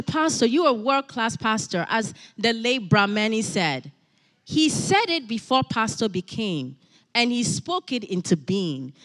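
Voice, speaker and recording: A woman's voice: a little high, a bit bright, long reverb tail. A woman preaching a sermon in a church, emphatic, repeating key phrases and building to exhortation.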